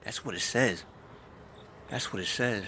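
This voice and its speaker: A man's voice: on the low side, a little slow, bright, forceful tone, slight background noise. A man talks straight to camera in an emphatic, scornful rant. He circles back to the same points again and again, pressing each one hard. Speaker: vlogger. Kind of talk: ranting monologue to camera.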